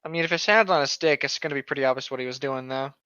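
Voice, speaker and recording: A young man co-hosting a casual podcast chat, sarcastic and quick with profane jokes, on a dull lo-fi mic. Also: medium pitch, sharp tone, clear, resonant tone, dry recording. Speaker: podcast co-host.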